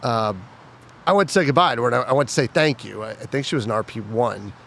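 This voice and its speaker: A man in casual podcast chat, telling animated stories and mimicking a shouting drill instructor. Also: medium pitch, quick pace, gravelly, a little hiss or hum. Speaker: podcast co-host.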